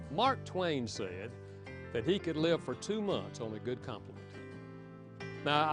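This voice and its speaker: Animated man giving a marriage talk. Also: on the high side. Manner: animated, playful, jokes with the audience. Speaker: marriage seminar speaker. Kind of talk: humorous lecture to an audience.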